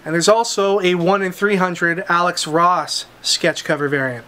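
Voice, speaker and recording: A man with a notably high voice hosts a comic shop's weekly unboxing. He runs through each item in eager, upbeat salesman patter, like a shop regular showing off new stock. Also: steady tone, normal speed, pushed and bright. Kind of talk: product showcase chat.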